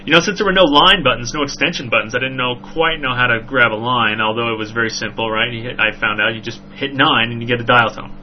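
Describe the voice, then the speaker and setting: A man hosting a podcast, telling a story in a rambling, animated way with frequent "right?" asides. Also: medium pitch, fast, few pauses. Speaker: podcast host. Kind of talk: casual storytelling chat. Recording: dull lo-fi recording with faint hum.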